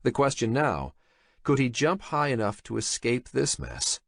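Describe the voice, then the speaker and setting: A man narrating an audiobook in a dramatic, expressive reading style. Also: medium pitch, unhurried, creaky, no echo, studio quality. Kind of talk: scripted narration.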